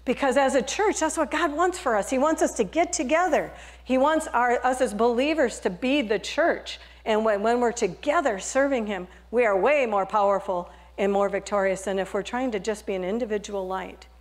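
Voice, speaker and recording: A woman's voice: fairly high pitch, moderate pace. Earnest woman pastor preaching. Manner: earnest, conversational storytelling with frequent restarts. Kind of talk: sermon.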